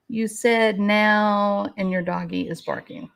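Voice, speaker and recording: A woman's voice: medium pitch, steady tone, slow, creaky, few pauses. A middle-aged woman hosting a casual livestream, chatting with her viewers and talking to her dogs. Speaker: YouTube news commentary host.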